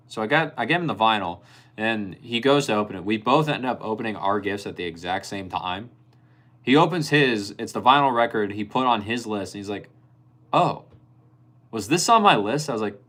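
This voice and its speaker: Low-voiced young man chatting with his live stream. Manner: chatty, answers chat comments by name, animated storytelling. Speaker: livestreamer reading chat. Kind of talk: casual live-stream chat.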